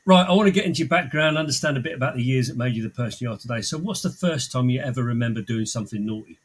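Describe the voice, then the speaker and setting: A man's voice: medium pitch, very fast, slightly rough. A man with a mid-range voice hosting a podcast, putting easygoing, joking questions to his guest in a casual interview. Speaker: podcast host.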